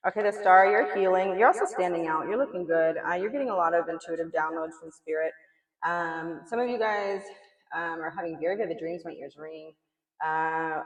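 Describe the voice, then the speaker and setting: A tarot reader doing a casual reading in a blunt, chatty way, swearing now and then and filling the talk with "like" and "you know". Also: medium pitch. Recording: echoey room, mic far off.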